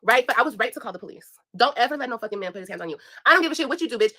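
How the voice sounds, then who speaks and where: Fast, bright-voiced young woman vlogger. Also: fairly high pitch, lively intonation. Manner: blunt, profane, emphatic, addresses viewers directly. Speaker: vlogger telling a story. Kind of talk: casual storytime monologue.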